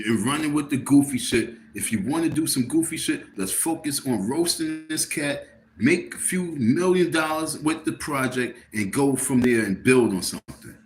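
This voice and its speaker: A man on a casual livestream, tired and irritated, rambling and repeating himself as he talks to his viewers. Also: a little high. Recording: roomy with faint background noise.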